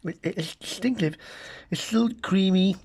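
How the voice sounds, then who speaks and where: In a high-pitched, darkish voice at a moderate pace, a middle-aged British man taste-tests food and chats casually to camera. As a food vlogger, he offers comic commentary and wry muttered asides to viewers; a little hiss or hum can be heard.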